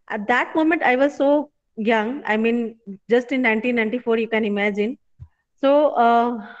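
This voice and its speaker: A woman's voice: a little high, lo-fi sound. A woman in her forties from Bihar with an Indian English accent, giving an online class as a professor. She talks conversationally, fills with "you know", and checks in with students. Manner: conversational, many "you know" fillers, asks students questions.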